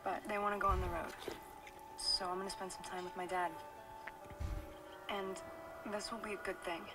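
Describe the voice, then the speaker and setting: An actress playing a quiet, wistful teenage girl in a film voice-over, speaking softly. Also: mid-range voice, level tone, moderate pace, music in the background, close to an everyday voice. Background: loud film score.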